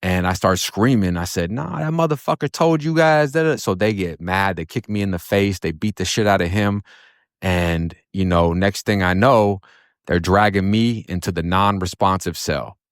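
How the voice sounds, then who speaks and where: A man from Florida with a very low voice tells his story in blunt, profane, streetwise talk. The sound is dry and close, with no room around it. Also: steady tone, moderate pace, clear, resonant tone, no echo. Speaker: storyteller recounting his own past. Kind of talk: casual spoken storytelling.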